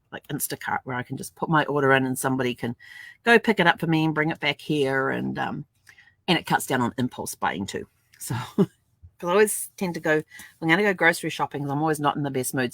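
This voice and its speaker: A woman's voice: low-pitched, no room sound. An older woman chatting casually to camera at home, laughing often and acting out little dialogues as she tells stories. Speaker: vlogger. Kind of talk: casual storytelling vlog.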